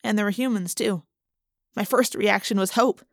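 A woman reading a first-person audiobook in a steady, measured storytelling voice. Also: mid-range voice, no echo, clean studio sound. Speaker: audiobook narrator.

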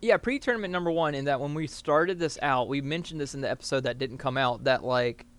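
A man's voice: medium pitch, fairly quick, clean tone. A man from the American South, co-hosting a podcast in casual, rambling chat full of fillers. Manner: rambling, filler-heavy, laughs often. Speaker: podcast co-host.

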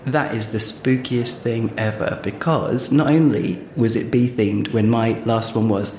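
Guy hamming up a bad joke, mid pitch, roomy echo and a bit of hiss. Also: fairly even intonation, darkish tone. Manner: chatty, giggly, drawn-out storytelling. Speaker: podcast co-host. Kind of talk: playful comedy banter and joke telling. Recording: echoey room with faint noise.

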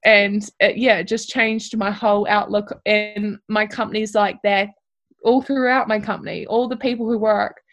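A woman's voice: mid-range voice, level tone, normal speed, muffled recording. Young woman telling a heartfelt story. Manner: candid and heartfelt, with lots of fillers like "like" and "you know". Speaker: apprentice tradesperson, guest. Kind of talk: emotional personal storytelling.

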